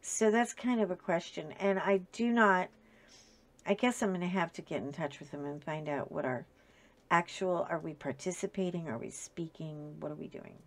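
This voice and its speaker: A woman's voice: lowish voice, moderate pace. A middle-aged woman chatting casually to her webcam at home, rambling with lots of fillers and restarts. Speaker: vlogger coloring and chatting. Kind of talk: casual chat to camera. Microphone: webcam at desk with ring light.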